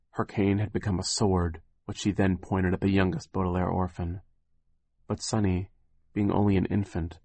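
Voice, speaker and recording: Deep-voiced man narrating dryly. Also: mellow, no room sound. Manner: dry, wry storyteller who explains words. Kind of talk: scripted audiobook narration.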